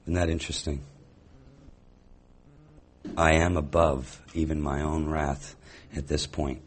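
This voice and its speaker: A man's voice: extremely low pitch, level tone, unhurried, a little hiss or hum. A man teaching a sermon, reading scripture aloud and reflecting on it with rhetorical questions. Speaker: Bible teacher.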